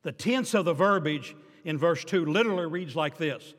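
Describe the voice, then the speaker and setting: Older preacher, high voice, hall echo. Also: male voice, expressive, moderate pace. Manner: emphatic preaching that drops to quiet asides, with dry humor. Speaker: pastor. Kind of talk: sermon. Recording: reverberant hall.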